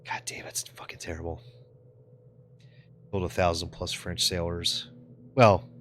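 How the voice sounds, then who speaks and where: A man's voice: deep voice, level tone, unhurried, a bit bright, a little hiss or hum. A man live-streaming in casual chat, answering his viewers with loose, profane jokes and frequent laughter.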